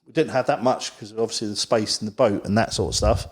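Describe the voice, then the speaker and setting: A man's voice: lowish voice, quick pace, husky. A man from the Isle of Wight, a podcast guest telling a long story in casual, rambling chat. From England, Isle of Wight. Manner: rambling, full of "you know" asides.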